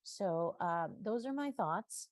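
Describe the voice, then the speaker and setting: A woman's voice: medium pitch, expressive, slow pace, no room sound. A woman giving an earnest, heartfelt public comment at a city council meeting. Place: city council chamber at a podium.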